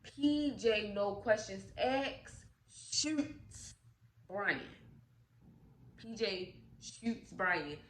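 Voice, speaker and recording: A woman telling a movie's story in a casual, animated, profane way, acting out the characters' lines. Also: medium pitch, very slow. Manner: animated, profane, acts out quotes. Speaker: storytime vlogger. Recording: echoey room with faint noise.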